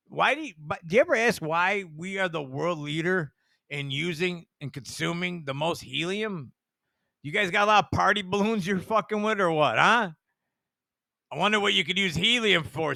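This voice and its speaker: A man with a very gravelly, edgy tone and a slightly high pitch talks straight into a dead-dry mic. He rambles and swears and drops conspiratorial asides, circling back on himself as he goes. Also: pushed and bright, no room sound. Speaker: online commentator.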